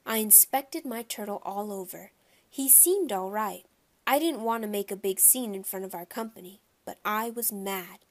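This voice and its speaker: A woman narrating a children's audiobook in a lively, expressive way. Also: medium pitch, moderate pace.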